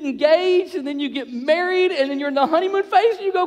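A man with a very high voice preaches a sermon. He is animated and acts out the voices of couples as he goes, and his words ring out with a long reverb like in a large hall. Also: brisk, few pauses. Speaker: pastor.

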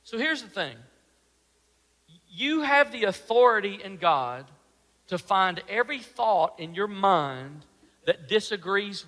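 A man preaching a sermon as pastor, animated and full of rhetorical questions, sometimes dropping to a soft, low voice. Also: takes it slowly, long reverb tail, rough recording.

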